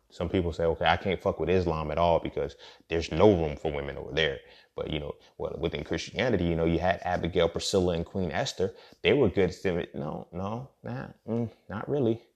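A man with a low, gravelly voice holds forth on his own podcast. He talks bluntly and profanely, circling back and stumbling over repeated words as he rambles. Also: darkish tone. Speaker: podcast host. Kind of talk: casual monologue.

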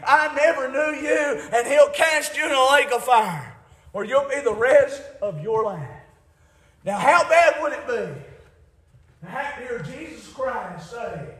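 A man preaching a fiery revival sermon, shouting at his peaks, then dropping low for emphasis, with folksy grammar. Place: church. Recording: very echoey church hall.

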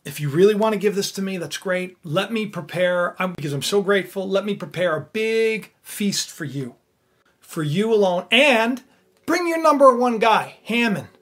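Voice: mid-range voice, expressive, moderate pace, fairly bright tone. A preacher speaking as a gracious, scheming young queen. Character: clever young queen laying a plan.

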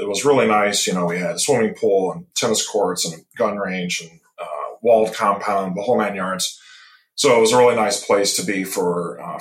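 A man in his fifties from Michigan, a guest on an interview podcast, telling stories in a relaxed, rambling way with many pauses and restarts. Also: low voice. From Michigan, USA. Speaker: guest, tropical medicine specialist. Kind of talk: casual interview chat. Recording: roomy echo.

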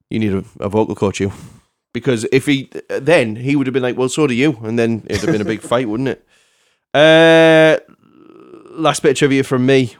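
A man's voice: medium pitch, dry recording, clean studio sound. A man hosting a podcast, reading out film trivia in casual chat and laughing often. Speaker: podcast host.

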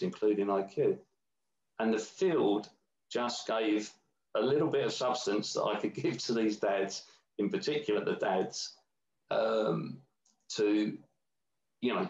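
A man's voice: on the low side, vocal fry, darkish tone, reverberant, highs cut off. A man in a casual conversation, telling a long meandering story with many restarts. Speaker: guest.

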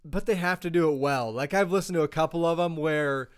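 A man co-hosts a casual podcast chat, his voice sitting a little high and coming through smooth and clean. He wanders through his points, restarting and filling gaps as he goes. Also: brisk. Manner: chatty, rambling with fillers. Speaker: podcast co-host.

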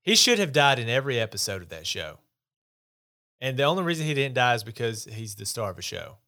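Podcast host, man, middle-pitched, rambling and blunt in his takes. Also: sing-song, fast, pushed and bright. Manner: opinionated, rambling, dismissive. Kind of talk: casual chat.

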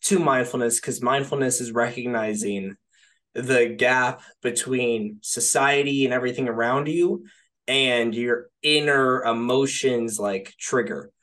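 A man's voice: mid-range voice, measured pace, fairly bright tone. Male podcast co-host, casual and rambling, heavy on filler and "right?" checks, swears offhand. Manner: rambling, peppers speech with "like" and "right?". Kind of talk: casual film discussion.

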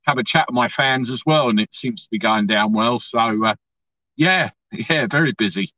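A man's voice: mid-range voice, normal speed, dry recording. An Englishman, a cab driver appearing as a podcast guest, speaking eagerly with frequent fillers. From England. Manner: bright and eager, stumbling with fillers. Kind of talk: casual interview chat. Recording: distant, dull, lo-fi sound.

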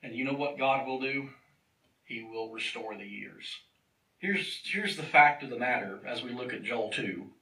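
Bright-voiced pastor preaching in an echoey church. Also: male voice, mid-range voice, moderate pace, few pauses, far from the mic. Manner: earnest preaching, repeats phrases for emphasis. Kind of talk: sermon. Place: church sanctuary, preaching from the pulpit.

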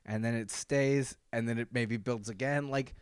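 Man, podcast co-host, casual chat, animated, dry sound. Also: medium pitch, moderate pace, smooth, dry recording. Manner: animated, lots of fillers and laughs.

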